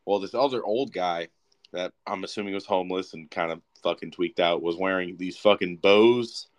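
Young male co-host, lower voice, swears freely, rambles through stories. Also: moderate pace. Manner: profane, rambling, animated. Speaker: podcast co-host. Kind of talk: casual storytelling.

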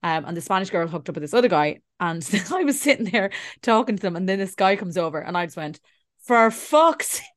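Chatting fast with hardly a pause, this Irish podcast co-host in her thirties spins stories, curses freely and performs other people's lines. Her fairly low voice is expressive, and the studio sound is clean, with no room tone.

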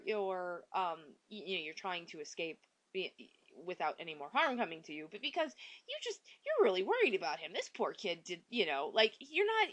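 Casting: woman podcast host, casual rambling delivery, very expressive pitch. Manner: rambling, many fillers and restarts; acts out quoted lines in exaggerated voices. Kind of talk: casual solo movie chat.

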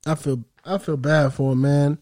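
Animated young man in casual chat. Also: on the high side, normal speed. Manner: animated, rambling, slangy.

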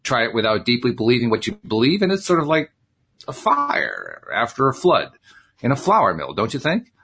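A man reading as a calm, teasing mystic pilot. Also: mid-range voice, moderate pace, slightly rough, exaggerated voice. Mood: musing.

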